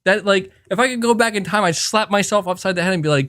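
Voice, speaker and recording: A man's voice: high-pitched, quick pace, fairly bright tone, dry recording, studio quality. A man hosting a live podcast, chatting casually and rambling through reflections with lots of fillers and restarts. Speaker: podcast host. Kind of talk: casual livestream chat.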